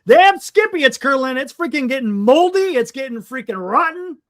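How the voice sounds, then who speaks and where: A man's voice: extremely high pitch, big pitch swings, moderate pace. A man co-hosting a live sports talk stream, groaning and exasperated over his team's record.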